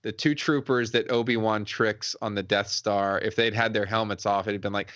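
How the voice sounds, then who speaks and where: A man's voice: on the low side, fairly even intonation, moderate pace, a bit bright, no echo. A man co-hosting a podcast in casual chat, chatty and laughing along. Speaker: podcast co-host.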